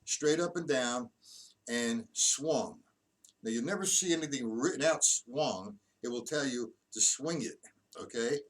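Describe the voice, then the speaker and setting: A man teaching a casual drum lesson. He explains stick patterns, counts the beats out loud, and keeps correcting himself. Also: mid-range voice, unhurried. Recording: distant mic with loud drum noise.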